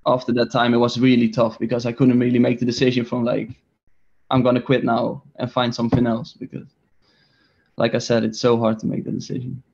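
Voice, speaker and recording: A man's voice: mid-range voice, completely flat delivery, brisk, gravelly, darkish tone, slightly rough, lo-fi sound. A young man from the Netherlands in his twenties with a Dutch accent, answering interview questions in a hesitant, filler-heavy way. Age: 20s. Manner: hesitant, many fillers and restarts. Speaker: soccer player guest.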